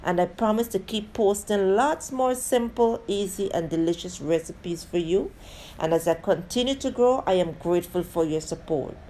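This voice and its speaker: A woman's voice: mid-range voice, animated, moderate pace, warm tone, slight background noise. A woman hosting a casual cooking tutorial. She talks viewers through each step in a chatty way, with friendly asides, and keeps calling them "guys". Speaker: cooking channel host.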